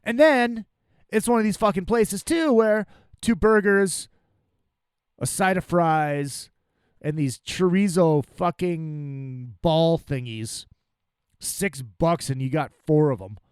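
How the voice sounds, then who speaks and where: A podcast host ranting angrily and profanely about a restaurant, full of exasperation. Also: male voice, a little high, takes it slowly, a little mellow, smooth, dry recording, clean studio sound.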